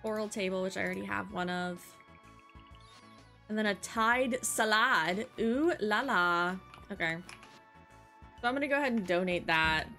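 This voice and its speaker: A young woman hosting a casual let's-play, chatting excitedly and gushing as she plays. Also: mid-range voice, moderate pace, long pauses. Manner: bubbly, excitable, gasps and gushes often. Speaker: gaming channel host. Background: faint game music.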